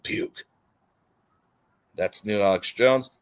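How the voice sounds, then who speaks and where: A man putting on the low, sick-sounding mumble of a queasy man. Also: slow, smooth.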